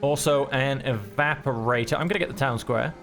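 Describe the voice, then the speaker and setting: A man giving relaxed, chatty commentary while playing a video game, thinking aloud as he goes. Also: mid-range voice, fairly quick, soft background music. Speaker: gameplay streamer. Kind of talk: relaxed let's-play commentary.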